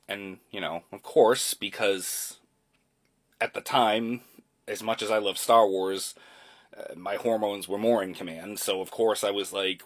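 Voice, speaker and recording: A man's voice: lowish voice, normal speed, fairly bright tone. A man in his forties telling a personal story in a chatty, loose way, with casual swearing. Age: 40s.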